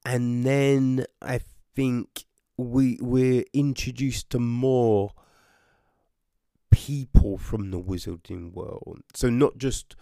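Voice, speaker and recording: A man casually reviewing a book, animated, with frequent swearing, exclamations and restarts. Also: mid-range voice, slow pace, gravelly, no echo, clean studio sound.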